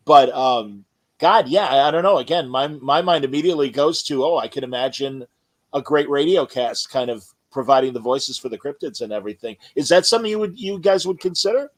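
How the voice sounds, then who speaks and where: A man's voice: mid-range voice, animated, a little fast, low-quality recording. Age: unknown. Sex: man. Role: chatty interview host. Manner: enthusiastic, rambling. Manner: enthusiastic, rambling questions with many restarts. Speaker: podcast host. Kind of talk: casual interview chat.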